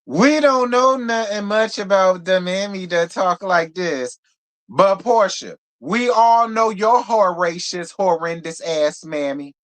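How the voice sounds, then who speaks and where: A reality TV review host does a live recap in a mid-range voice, animated in intonation but slow in pace. Blunt and profane, she repeats points for emphasis and speaks right to viewers, calling them "girl" and "y'all."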